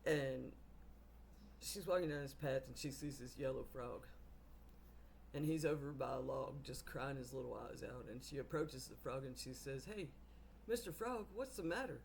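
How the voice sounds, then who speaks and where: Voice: mid-range voice, fairly even intonation, moderate pace, creaky, a little mellow. Joke teller with faint background hiss. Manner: storytelling, acting out characters. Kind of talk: telling a joke.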